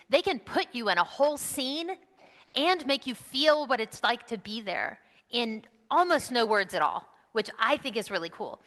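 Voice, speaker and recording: A woman's voice: a little high, sharp tone, in a large hall. A woman leading an interactive children's message during a church service, coaxing and encouraging the kids with lots of questions. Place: church sanctuary.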